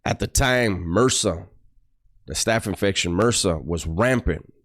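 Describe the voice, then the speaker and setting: Blunt, low-voiced man telling a story. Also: animated, normal speed, fairly bright tone. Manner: blunt, profane, streetwise, acts out quotes. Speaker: former prisoner telling his story. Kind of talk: casual storytelling.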